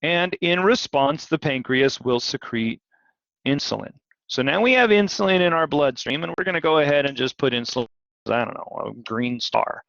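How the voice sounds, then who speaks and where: A man teaching physiology in a live online lecture, animated and questioning, repeating key words. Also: mid-range voice, vocal fry, dry recording. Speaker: physiology instructor. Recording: dull, dry video-call audio.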